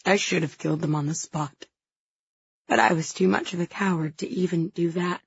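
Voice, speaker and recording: A woman voicing a grieving young woman, hoarse and halting as she confesses through tears, in an audiobook. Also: fairly low pitch, steady tone, dry recording, lo-fi sound. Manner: halting, choked with grief. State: hoarse, tearful.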